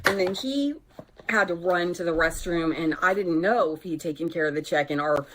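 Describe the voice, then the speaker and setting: A woman's voice: fairly low pitch, normal speed, background noise. A woman vlogger telling candid dating stories in a casual, conversational storytime way. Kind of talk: chatty storytime vlog.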